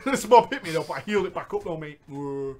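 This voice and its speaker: A man's voice: on the high side, lively intonation, quick pace, a little mellow. A man telling a gaming story in a giggly, bantering comedy chat. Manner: giggly, banters between lines. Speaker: podcast host reading a story.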